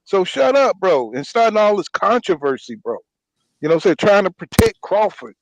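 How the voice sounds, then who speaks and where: A man's voice: high-pitched, very animated, moderate pace, a little hiss or hum, poor audio. A man hosting a boxing talk show, ranting in casual slang and often saying "you know what I'm saying.". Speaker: podcast host.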